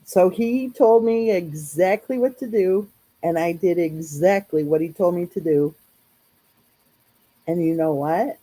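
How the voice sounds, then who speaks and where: A woman chats casually with her viewers in a live stream. Her voice is mellow and slightly husky. She speaks slowly and rambles in a friendly way, full of little fillers. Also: lowish voice, poor audio. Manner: chatty, rambling, lots of "like" and "you know". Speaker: true crime channel host.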